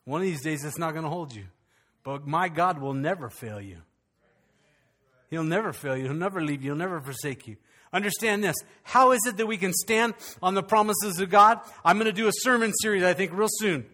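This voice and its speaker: A man's voice: sits high, a little fast, bright, forceful tone. An older man preaching a sermon as pastor, folksy and storytelling, rising to fervent, rhythmic preaching.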